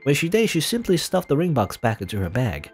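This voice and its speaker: A man's voice: fairly high pitch, wildly swooping pitch, fairly quick, a little mellow, slightly rough, faint music behind. A man hosting a let's play, reading a game's story text aloud with casual asides and chuckles.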